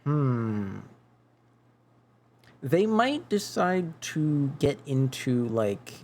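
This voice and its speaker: A man's voice: medium pitch, very animated, drawn-out words, pauses often, darkish tone. A male streamer in casual gaming chat, rambling and musing aloud to his viewers as he plays. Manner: rambling, muses aloud while chatting with viewers.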